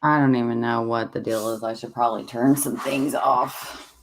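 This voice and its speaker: An easygoing host talking on a home livestream in a mid-range voice. They speak in a halting, think-out-loud way. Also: mid-range voice, steady tone, a little hiss or hum. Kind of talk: casual livestream chat. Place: home with many devices running.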